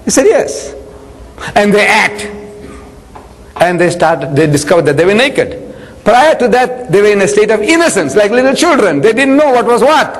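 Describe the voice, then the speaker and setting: A man's voice: high voice, moderate pace. An older man giving a religious lecture, telling stories with humour and acting out the dialogue. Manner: lively storytelling, acts out dialogue with humour. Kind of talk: lecture to an audience. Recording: long reverb of a hall.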